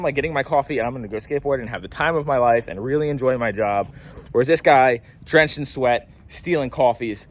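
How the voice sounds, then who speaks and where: Fast-talking young man telling a story. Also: medium pitch. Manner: rambling, heavy on fillers like "like". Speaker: vlogger. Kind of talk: casual storytime monologue.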